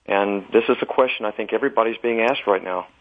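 Male guest, lowish voice, measured earnest delivery, heard over a tinny phone line. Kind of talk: religious talk show conversation.

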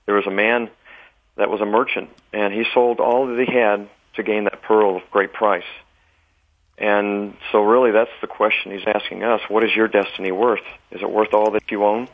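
A man speaking as a guest on a religious talk program, earnest and measured, restarting his sentences. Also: on the low side, flat delivery, narrow, tinny audio. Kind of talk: religious talk show conversation.

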